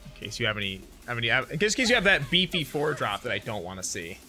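Bright-voiced man chatting over a card game. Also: mid-range voice, very animated, fast talker, soft background music. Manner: chatty, laughs often, thinks aloud while counting. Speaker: streamer playing a card game. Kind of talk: casual gameplay chat.

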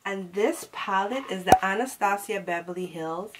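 A woman's voice: medium pitch, moderate pace, very noisy. A young adult woman chatting casually through a makeup tutorial, sassy and full of slang. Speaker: beauty vlogger. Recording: music playing behind.

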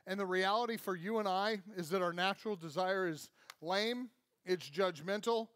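A man's voice: high-pitched, normal speed, fairly bright tone, no echo. A man preaching a sermon in an emphatic, conversational way, often checking in with "right?". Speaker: pastor. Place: church.

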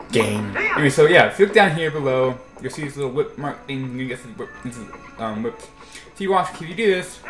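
A young man talks through a video game in a loose, rambling way, often restarting his sentences. His voice sits in an ordinary middle pitch. The room around him sounds roomy and echoey, with faint music underneath. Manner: rambling, chatty, self-correcting. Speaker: let's play gamer. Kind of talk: casual gameplay commentary. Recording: roomy echo.

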